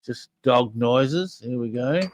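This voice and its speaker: A man's voice: medium pitch, slow, a little mellow. An older man hosting a podcast, chatting casually and eagerly to listeners as he presents audio clips. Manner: chatty and enthusiastic, talking straight to listeners. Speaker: podcast host.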